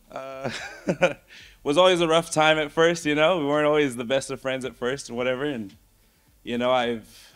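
A young man speaks as groomsman at a wedding reception. He talks casually, stumbling with fillers as he searches for words. His voice is mid-pitched for a man. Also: clean tone. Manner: casual, hesitant, lots of fillers. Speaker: groomsman giving a toast. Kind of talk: wedding toast speech.

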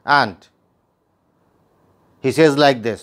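A man's voice: fairly high pitch, very animated, moderate pace. A man teaching a play line by line, reading each passage and then restating it in plain words. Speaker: literature teacher.

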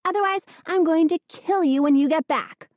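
A woman voicing a frightened, excitable teenage girl who talks in quick startled bursts. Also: very high-pitched, dry recording, studio quality, voice pushed up. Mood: chatty.

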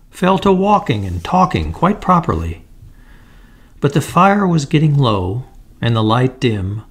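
Male storyteller, slow and deliberate, gravelly with a husky grain; fairy-tale read. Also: medium pitch. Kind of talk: storybook narration.

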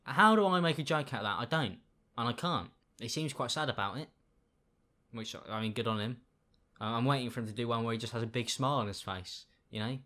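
A man giving casual reaction commentary, with sarcastic, deadpan asides. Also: medium pitch, fairly quick. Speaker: YouTube commentator.

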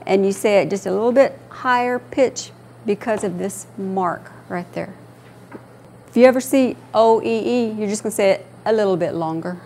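A woman instructor teaching a language class, slowly repeating each word for her students in a patient manner. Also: mid-range voice, darkish tone, slight background noise.

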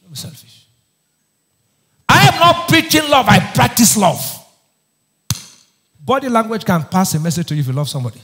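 A man with a high, sing-song voice speaks at a moderate pace with long pauses, his tone pushed and bright, carrying a faint hiss or hum. He's a pastor preaching a sermon, firing questions back for the congregation to answer. His delivery is emphatic and call-and-response, and he often raises his voice.

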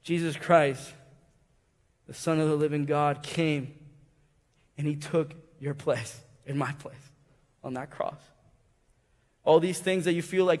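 A man with a high voice preaching a sermon, his words ringing out with a long church-hall echo. He tells a story with swings from loud, excited passages down to hushed, tender asides. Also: moderate pace, long pauses. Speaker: pastor. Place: church sanctuary.

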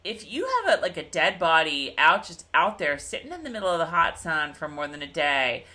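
A woman's voice: low-pitched, animated, a little fast, sharp tone. A woman co-hosting a show, chatting casually and recapping an episode with lots of fillers and asides. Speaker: podcast co-host.

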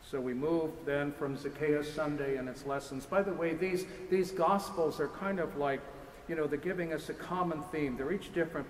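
A man, a priest giving a lecture sermon in a church, speaking with impassioned, repetitive rhetorical build-ups. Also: medium pitch. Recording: echoey church hall with faint noise.

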